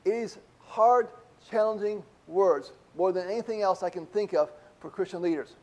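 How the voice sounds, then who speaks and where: A man's voice: high-pitched, moderate pace, few pauses, a little mellow. A middle-aged man preaching a conversational sermon to a congregation, asking rhetorical questions as he talks. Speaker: pastor.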